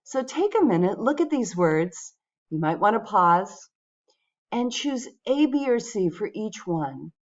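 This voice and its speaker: Slow, patient woman teaching English. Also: medium pitch, sing-song, highs cut off. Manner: patient, clear, addresses viewers directly. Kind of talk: pronunciation lesson.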